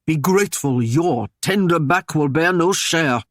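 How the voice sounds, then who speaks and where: A man's voice: a little high, animated, a little slow, no room sound, clean studio sound. A man voicing a stern, commanding Norman warlord who speaks in harsh, old-fashioned phrases. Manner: harsh, commanding, archaic speech.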